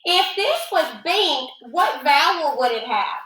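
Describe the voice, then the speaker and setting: Teacher lady doing phonics with little kids, high bright voice, patient and sing-song. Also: lively intonation. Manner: patient, sing-song, slowly drawn-out words. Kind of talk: classroom phonics lesson. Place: classroom with children. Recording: echoey classroom.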